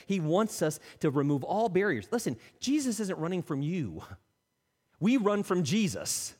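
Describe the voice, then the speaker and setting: A man preaching a sermon as a pastor, animated, acting out the people he quotes and dropping to soft, intimate tones. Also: a little high. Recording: long reverb of a church hall.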